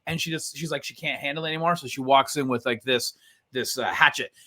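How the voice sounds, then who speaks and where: A man's voice: medium pitch, fast, sharp tone. A man co-hosting a casual review chat, retelling a film's plot in a rambling way full of fillers. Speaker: co-host reviewing a film.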